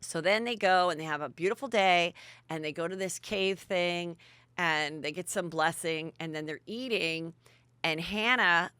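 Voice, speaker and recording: A woman's voice: on the low side, a little slow, pushed and bright, smooth, dry recording. A woman podcast host giving a chatty, bawdy gossip recap on a close studio mic.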